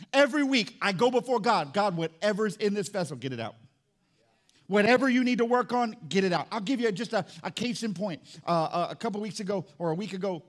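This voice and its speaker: A middle-aged man preaching a sermon as pastor, telling family stories in a conversational way and calling on the congregation for amens. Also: high voice. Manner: conversational storytelling, calls for amens.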